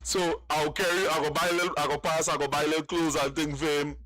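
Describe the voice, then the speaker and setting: A man's voice: on the high side, flat delivery, brisk, a bit bright, soft background music. A man, calling in to tell a long personal story, rambling and repeating words. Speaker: caller.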